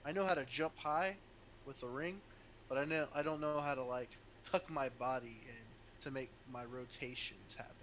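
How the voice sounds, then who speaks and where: A man playing a tabletop game, rambling and animated as he explains his moves. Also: medium pitch, moderate pace, muffled recording, slight background noise. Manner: rambling, animated, lots of fillers. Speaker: player.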